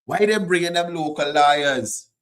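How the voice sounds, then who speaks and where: A man's voice: fairly high pitch, unhurried, a bit bright. A middle-aged man with a Guyanese accent hosting a political commentary show, mocking and firing off repeated rhetorical questions. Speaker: host.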